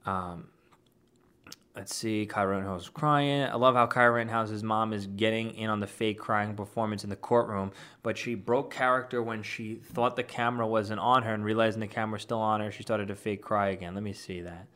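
A man's voice: on the low side, fairly even intonation, fairly quick, fairly bright tone, smooth. A man giving an argumentative, dismissive reaction as an online commentator, reacting to a clip and reading posts aloud.

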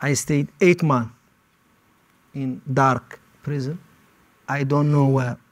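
A man giving personal testimony as an interviewee, speaking in short, halting phrases. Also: mid-range voice, fairly even intonation. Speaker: interviewee recounting detention.

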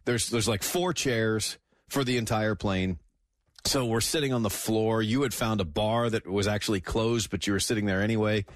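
A man's voice: fairly low pitch, normal speed, dry recording, studio quality. A man hosting a radio golf show, chatting and chuckling with a guest. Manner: chuckling, friendly. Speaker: radio host. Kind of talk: casual chat.

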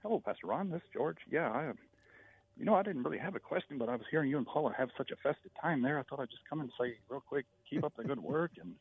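A man calling in to a radio show, friendly and rambling with pauses. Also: on the high side, expressive, slightly rough, no echo. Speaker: caller. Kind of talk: phone-in chat. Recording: tinny phone line.

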